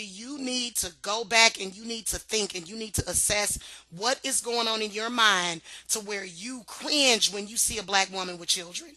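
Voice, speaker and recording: A woman's voice: a little high, pushed and bright. A woman on her vlog, venting in a confrontational, profane, sarcastic way and repeating points for emphasis. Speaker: vlogger. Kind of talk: heated ranting vlog.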